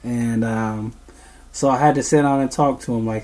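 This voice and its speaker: Young man, podcast co-host, casual storytelling, halting with ums, mid pitch. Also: a little mellow. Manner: meandering, full of ums.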